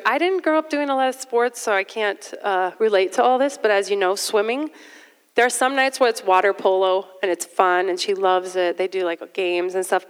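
A woman's voice: medium pitch, smooth. A middle-aged woman preaching a sermon in a conversational way, with self-deprecating asides. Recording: long hall reverb.

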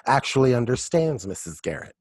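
A man's voice: mid-range voice, very animated, a little fast, a little mellow, no echo. A man co-hosting a podcast, trading wry, sarcastic remarks in casual banter and swearing freely. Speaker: podcast co-host.

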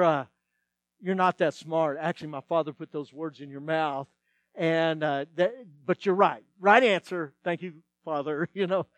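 Guy pastor giving a sermon, kinda high voice, acts out the lines, dry sound. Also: no echo. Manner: animated storytelling, acts out dialogue.

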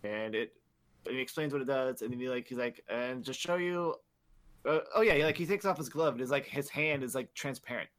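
A man's voice: medium pitch, animated, brisk, fairly bright tone. Rambling, cursing podcast host, a man. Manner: rambling, profane recap full of filler words. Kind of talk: casual chat.

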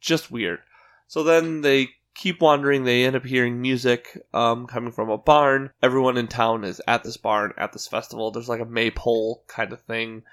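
Male podcast co-host, mid-pitched, rambling and animated, casual recap. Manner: rambling, animated retelling with quick put-on quotes. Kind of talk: casual chat recapping a cartoon.

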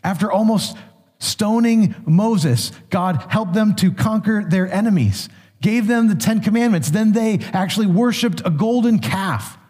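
A man's voice: sits high, animated, measured pace, darkish tone. Man preaching in a reverberant hall. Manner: conversational retelling of scripture with small restarts. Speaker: pastor. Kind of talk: sermon.

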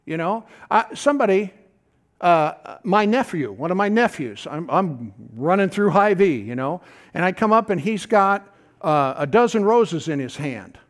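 Middle-aged pastor guy, pretty high voice, folksy sermon full of asides. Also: unhurried. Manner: folksy, animated preaching with rhetorical asides.

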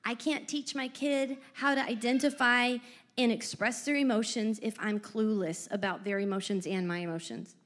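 Woman, high voice, animated storyteller, casual faith-based parenting chat, middle-aged. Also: moderate pace. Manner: animated storyteller with lively asides.

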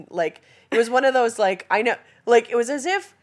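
A woman's voice: fairly high pitch, a little fast. A woman co-hosting a podcast in casual chat, recapping a film with lots of "like" and acted-out quotes. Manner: animated, heavy use of "like", acts out quotes. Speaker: podcast co-host.

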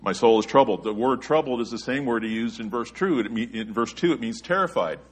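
A man preaching a sermon, earnest, his voice rising and getting louder when he quotes scripture. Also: on the low side, breathy edge.

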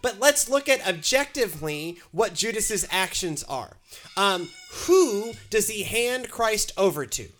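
A chatty man with a bright, forceful voice that sits a little high. He talks through scripture casually, with wry asides and plenty of ums along the way. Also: sing-song, measured pace, a little hiss or hum. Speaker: pastor co-host. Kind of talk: casual church discussion.

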